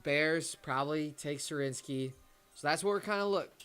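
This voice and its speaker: A man hosting a casual live-stream watch party, reading viewer comments aloud and reacting. He is excitable and swings between loud bursts and low muttering. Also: normal speed, smooth. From Detroit area. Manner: excitable, talks to chat and his pet, swings from loud to muttering.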